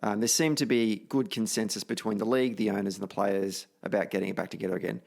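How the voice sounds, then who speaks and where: A man's voice: lowish voice, fairly even intonation, fast talker, gravelly, darkish tone. An Australian man hosting a casual podcast, chatty and self-deprecating, telling stories with animation. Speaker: podcast host.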